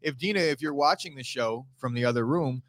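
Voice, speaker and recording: A man's voice: medium pitch, brisk, crowd noise. A man with a stuffy, allergy-congested nose, co-hosting a casual sports chat, brash and teasing with lots of swearing. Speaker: podcast co-host.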